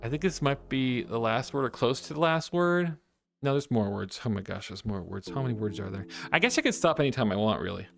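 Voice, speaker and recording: A man's voice: mid-range voice, animated, fairly quick, vocal fry, soft background music. A man chatting playfully with his live-stream chat, joking and drawing as he talks. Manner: playful and goofy, jokes with chat.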